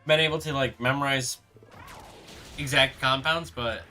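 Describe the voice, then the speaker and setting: A young man streaming a game, rambling casually and answering chat with halting restarts. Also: mid-range voice, fairly even intonation, sharp tone. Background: background music.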